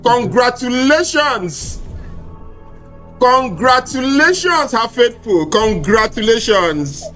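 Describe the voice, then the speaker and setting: A man hosting an online contest, announcing winners in an animated, drawn-out way. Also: extremely high pitch, faint music behind. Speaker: contest host.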